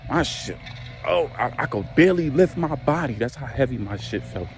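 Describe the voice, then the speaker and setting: A man's voice: mid-range voice, expressive, normal speed, music in the background. A young man tells a casual, profane storytime monologue and acts out his own reactions. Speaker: storyteller vlogger.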